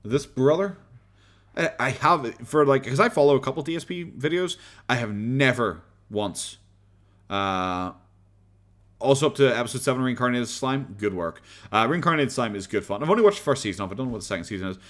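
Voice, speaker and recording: A man's voice: medium pitch, animated, brisk, a bit bright. A man with an Irish accent chatting casually on a live stream, rambling, laughing often and swearing freely as he reads comments.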